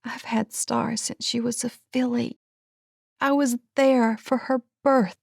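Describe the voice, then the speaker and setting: A woman putting on a young ranch woman torn apart by grief. She pleads in a high, tearful voice and drops to soft, hushed comfort, with a slight gravel under it. It is a dry, close audiobook sound. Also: little pitch movement, takes it slowly, dry recording, exaggerated voice. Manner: pleading, tearful, whispering soothingly.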